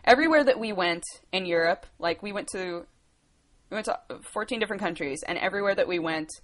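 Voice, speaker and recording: A woman's voice: medium pitch, quick pace, fairly bright tone. Chatty young woman on a livestream. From United States. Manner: chatty and rambling, with frequent laughs and filler. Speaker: livestream host. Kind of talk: casual livestream chat answering viewer questions.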